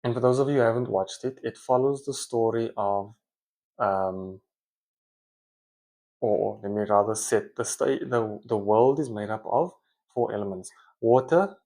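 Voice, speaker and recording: A man's voice: on the low side, mellow. A man giving a casual, conversational monologue, often correcting himself mid-sentence. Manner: rambling, self-correcting, conversational. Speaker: speaker, parent.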